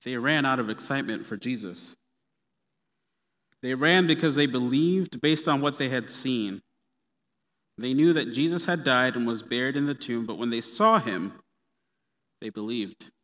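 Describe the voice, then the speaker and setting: A man preaching a sermon in a relaxed, conversational way with playful asides. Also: mid-range voice, normal speed, long pauses. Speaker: pastor. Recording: long reverb of a hall.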